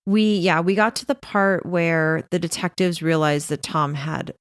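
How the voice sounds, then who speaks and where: A woman co-hosting a podcast in casual chat, dropping in quick agreements and dry humor. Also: lowish voice, no echo. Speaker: podcast co-host.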